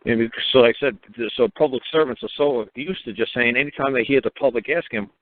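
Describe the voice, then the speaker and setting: Man, mid-pitched voice, emphatic rambling storyteller, swears, narrow phone-line sound. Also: fast talker, few pauses, no echo. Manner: emphatic, rambling, swears, acts out quoted people. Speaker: speaker on law and public officials. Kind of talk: casual talk, storytelling.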